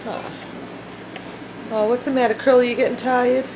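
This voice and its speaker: A woman's voice: on the high side, level tone, moderate pace, background noise. A mother at home talking to her pets in a sing-song baby-talk voice, filming a casual home video.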